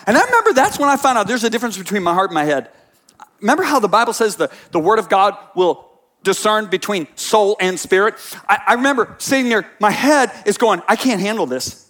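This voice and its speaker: A man preaching a sermon, telling a story quietly and then breaking into loud, passionate bursts. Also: high-pitched, expressive, fairly quick. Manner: swings from hushed storytelling to shouted passionate bursts.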